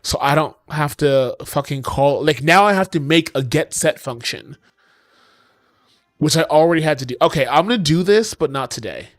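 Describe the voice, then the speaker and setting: A man's voice: fairly high pitch, animated, moderate pace, dry recording, studio quality. A man streaming his game coding in casual talk, exasperated, swearing often and talking to his chat.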